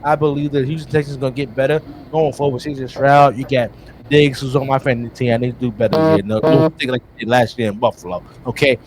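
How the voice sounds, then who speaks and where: A man co-hosting a casual sports podcast, talking in an animated, teasing way and calling out players directly. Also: medium pitch, quick pace, background noise. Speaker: co-host.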